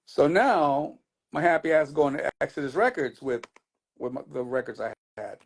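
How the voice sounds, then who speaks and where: A middle-aged man, a DJ guest in an interview, speaks at a moderate pace in a voice on the high side. He tells his story loosely and ramblingly, restarting often.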